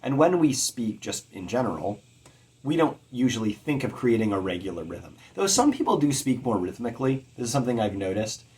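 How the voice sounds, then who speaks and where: A man teaching poetic meter in a measured explanatory lecture, chanting rhythms to demonstrate them. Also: mid-range voice, sing-song, darkish tone. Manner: measured, with occasional fillers. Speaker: poetry teacher.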